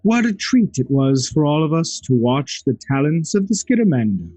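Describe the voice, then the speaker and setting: Husky, lively-voiced man player. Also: on the high side, normal speed, dry recording. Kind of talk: tabletop game play.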